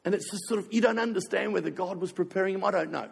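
A man's voice: high voice, rapid-fire, vocal fry, breathy edge, in a large hall. An older man preaching a sermon as a pastor, telling a heartfelt personal story in an emotional way, fighting back tears.

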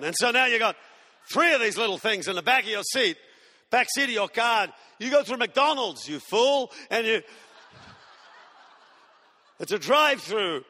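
A man's voice: sits high, lively intonation, moderate pace, long pauses, sharp tone, big-room sound. Australian man in his sixties preaching. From Tasmania, Australia. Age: 60s. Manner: humorous storytelling preacher, mimics whiny kids. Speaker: pastor. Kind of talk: sermon.

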